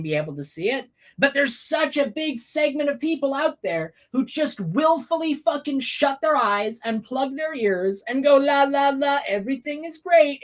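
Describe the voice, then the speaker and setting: A woman hosting a livestream, delivering an angry, profane, emphatic political rant. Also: on the high side. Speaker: livestream host. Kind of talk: ranting political commentary.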